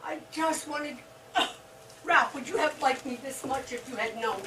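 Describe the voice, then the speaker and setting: A woman plays a giddy older woman, giggling and flustered, with a high voice and slow delivery. She is heard from across a roomy stage, with noise around her. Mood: pleading. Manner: giggly, breathy excitement. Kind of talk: stage play acting. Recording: roomy stage sound from far off.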